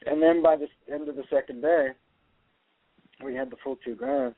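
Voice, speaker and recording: A middle-aged actor and filmmaker, talking earnestly as a guest in a radio interview, rambling with many restarts. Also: male voice, mid-range voice, fairly even intonation, normal speed, no room sound. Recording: tinny dry phone line.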